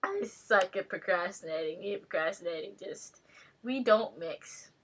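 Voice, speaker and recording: A woman's voice: fairly low pitch, animated, moderate pace. A young woman vlogging casually to her viewers, rambling and joking at her own expense with frequent giggles. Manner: rambling, self-mocking, giggly. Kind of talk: casual webcam monologue.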